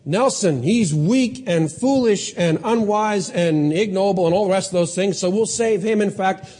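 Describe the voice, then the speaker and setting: A man in his forties preaching a sermon, emphatic, building to strong peaks and then dropping low and quiet. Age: 40s. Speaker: pastor.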